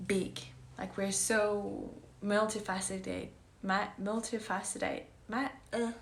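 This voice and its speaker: A woman's voice: mid-range voice, flat delivery, very slow, gravelly, a little hiss or hum. Earnest woman in an echoey room. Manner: earnest, emphatic, drops to whispers. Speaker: wellness coach. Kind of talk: casual heartfelt monologue.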